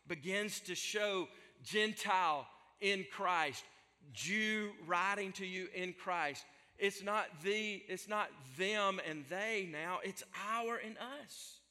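Male pastor, emphatic repetitive preaching, bright forceful tone, reverberant hall. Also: high-pitched. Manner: emphatic preaching with repeated phrases. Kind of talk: sermon.

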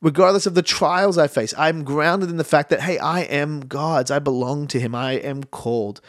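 A man's voice: fairly high pitch, moderate pace, no echo, studio quality. A man preaching a sermon as a pastor, talking in a conversational way and repeating words when he stresses a point.

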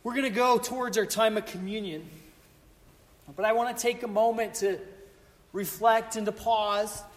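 A man with a notably high voice delivers a sermon as pastor. He speaks earnestly and emphatically, circling back to exclamations as he presses his point. His words ring out with a long reverb, as if in a large church hall. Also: steady tone, normal speed.

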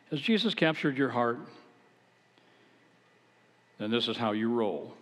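A man, a pastor, preaching a sermon, earnest and at times emphatic as he exhorts his listeners. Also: mid-range voice. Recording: long hall reverb.

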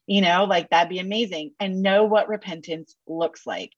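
A woman counselor talking on a podcast with sassy, animated asides and casual slang. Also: mid-range voice, normal speed, few pauses, breathy edge, dry recording, highs cut off. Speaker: counselor guest. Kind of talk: podcast interview.

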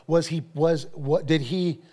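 A man's voice: a little high, fairly even intonation, measured pace, mellow. A male pastor preaching a sermon, telling stories with energy and often repeating his phrases.

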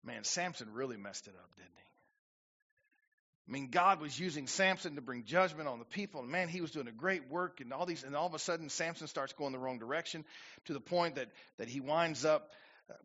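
Bright-voiced pastor preaching. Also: male voice, on the high side, brisk. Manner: preaching with rising emphatic bursts and quoted prayers. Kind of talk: sermon. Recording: dull lo-fi church recording.

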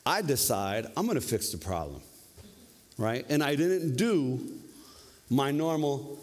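A male preacher giving a lively, conversational sermon, often tagging his points with questions. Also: mid-range voice, measured pace. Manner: conversational, animated, tag questions. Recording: long reverb of a hall.

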